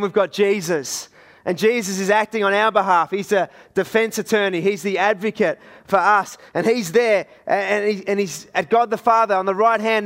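High-voiced Australian preacher. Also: male voice, fairly bright tone. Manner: conversational, illustrative storytelling. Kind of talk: sermon.

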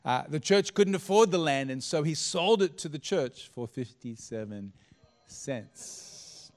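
Pastor telling a sermon story. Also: male voice, fairly high pitch, lively intonation, soft background music. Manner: dramatic storyteller, sets scenes with pauses.

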